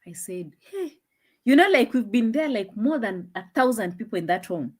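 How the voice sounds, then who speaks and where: A young woman hosting a casual live stream, chatting and laughing, dropping into low asides, on a phone mic. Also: lively intonation, fairly quick.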